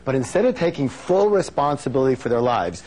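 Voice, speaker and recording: A man giving a live motivational seminar on stage, energetic and playful, drawing call-and-response answers from the audience. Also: fairly quick, a little hiss or hum. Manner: playful, acts out quotes in high silly voices.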